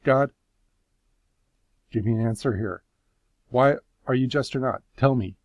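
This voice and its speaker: A man's voice: mid-range voice, unhurried, darkish tone, no room sound, lightly acted. A man voicing a suffering man who pleads his innocence before God, passionate and bitter. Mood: anguished.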